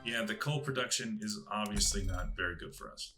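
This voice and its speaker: A man's voice: on the low side, expressive, a little fast, sharp tone, soft background music. A man casually thinking aloud as he plays a strategy game, musing to himself as he clicks through menus. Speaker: gaming channel host.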